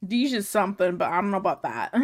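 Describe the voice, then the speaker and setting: A woman streamer chatting casually while she draws, frank, teasing and quick to giggle. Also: medium pitch, very animated. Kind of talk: casual chat while drawing.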